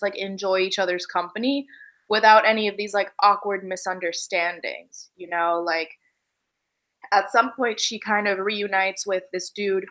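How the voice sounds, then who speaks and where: A woman in casual chat on a remote call, talking animatedly and acting out characters' lines in quick bursts. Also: poor audio. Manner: animated, acts out characters' lines with big pitch jumps. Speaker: podcast co-host discussing a book.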